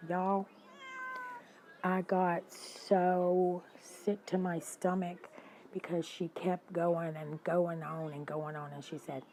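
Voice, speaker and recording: Woman, livestream host, animated and indignant, faint background noise. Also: fairly low pitch, takes it slowly, rough recording. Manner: animated, indignant, calls viewers y'all. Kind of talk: casual storytelling to live chat.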